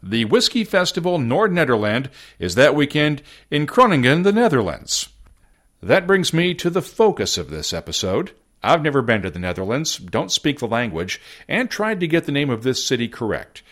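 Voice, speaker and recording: A man's voice: medium pitch, very animated, moderate pace, a bit bright. A man from the United States hosting a podcast, reading a script in a wry, self-deprecating way. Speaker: podcast host.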